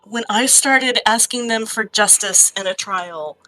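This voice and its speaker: A woman voicing a frightened female adventurer who talks through tears in halting, anxious bursts during a tabletop game. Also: mid-range voice, pushed and bright, dry recording, low-quality recording. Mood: pleading, halting. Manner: crying, halting, anxious rambling. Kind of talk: tabletop role-play in character.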